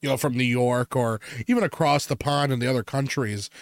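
A man's voice: mid-range voice, brisk, dry recording, clean studio sound. A man with a Wisconsin accent, co-hosting a casual podcast chat, joking, laughing often and using lots of fillers. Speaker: podcast co-host.

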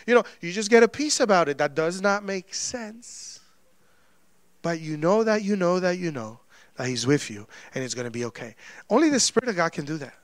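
High-voiced, casual preaching man. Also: animated, moderate pace, no room sound. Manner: conversational preaching with sudden loud and soft swings. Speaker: pastor. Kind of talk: sermon.

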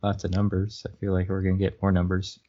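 Warm in tone but completely flat in delivery, a low-pitched man reads fast from a book on a casual podcast he co-hosts. He laughs at what he's reading and adds wry, joking comments over a muffled lo-fi recording.

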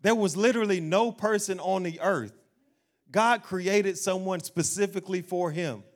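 A man preaches with lively energy, and his voice sits a little higher than most men's. He acts out the worried voices of doubters and laughs now and then. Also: normal speed. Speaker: pastor. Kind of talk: sermon.

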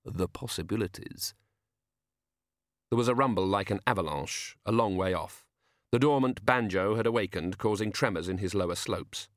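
A man reading a novel aloud as narrator, in a measured, dry storytelling manner. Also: on the low side, no echo. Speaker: audiobook narrator. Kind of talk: scripted narration.

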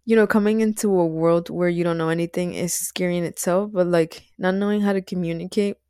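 A woman whose first language is Spanish, chatting casually to her viewers in an animated way, with frequent laughs and fillers. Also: lowish voice, a little fast, smooth, no room sound, clean studio sound. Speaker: vlogger. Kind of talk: casual chat to camera.

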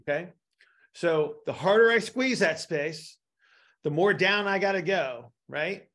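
A man with a somewhat high, gravelly voice teaches a live class. He explains with everyday analogies and keeps checking in with his listeners. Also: expressive, measured pace, fairly bright tone. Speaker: instructor.

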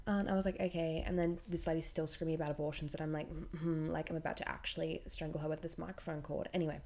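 Low, mellow-voiced woman telling stories. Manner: chatty, blunt and irreverent, swears freely. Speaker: podcast host. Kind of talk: casual storytelling monologue.

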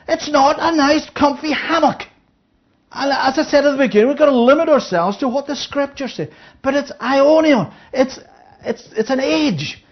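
With a high voice, lively intonation and a normal pace, a woman Bible teacher reads verses aloud and then explains them in a conversational sermon. She often asks listeners "Yeah?" to check in, and the highs in the recording are cut off.

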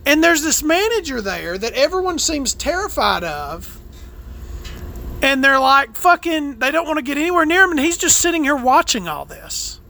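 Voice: high voice, very animated, normal speed, vocal fry, sharp tone, a little hiss or hum, full character voice. A performer voicing a brash, profane trans woman podcast host, ranting and rambling in a comedic monologue.

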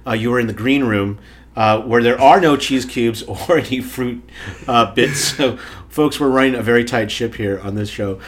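This older radio show host has a mid-range voice and speaks at normal speed. His casual comic chat is jokey and rambling, with plenty of fillers and restarts, and faint background noise sits under the recording.

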